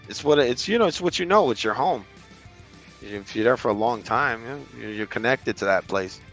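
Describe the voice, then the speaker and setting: A man's voice: medium pitch, animated, normal speed, fairly bright tone, faint music behind. A man from Brooklyn talking as a podcast guest in casual chat, blunt and profane, in long run-on stretches. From Brooklyn, New York.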